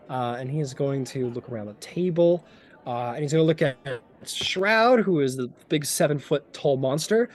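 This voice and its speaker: A man's voice: a little high, moderate pace. A man narrating a tabletop game as game master, in a loose, rambling way with lots of fillers.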